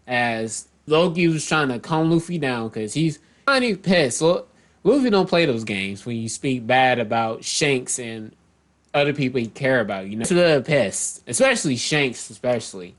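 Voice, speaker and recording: A man's voice: medium pitch, lively intonation, normal speed. A man casually recapping and commenting, rambling and often correcting himself mid-sentence. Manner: loose, rambling, self-correcting, reads out character lines. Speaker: manga chapter reviewer.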